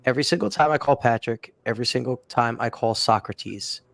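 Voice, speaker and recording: A man's voice: medium pitch, fairly quick, creaky, fairly bright tone, no room sound. Emphatic man giving advice on a podcast. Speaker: podcast co-host. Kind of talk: casual podcast chat.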